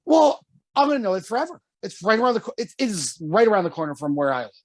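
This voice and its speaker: A man telling a story on a casual podcast, animated and swearing often, jumping high when quoting himself. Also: fast. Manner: animated, swears often, jumps to high pitch for quoted lines. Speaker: podcast co-host.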